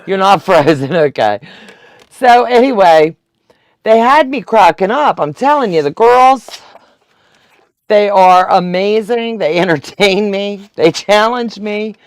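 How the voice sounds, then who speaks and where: A quilting instructor hosts a casual live-stream tutorial, chatting with viewers and laughing often. Her medium-pitched voice is expressive and slow-paced, with no echo.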